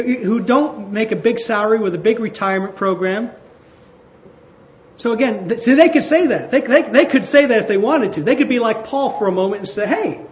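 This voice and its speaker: A male pastor giving a conversational sermon in a church hall, slowing down to stress his points. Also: sits high, dull audio. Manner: conversational, with slowed emphatic phrases.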